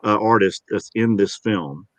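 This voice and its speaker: A man's voice: lowish voice, measured pace, fairly bright tone, no room sound. A man with a Georgia accent, an easygoing and chatty voice actor being interviewed. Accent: Georgia, US South. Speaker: voice actor guest. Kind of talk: casual interview talk.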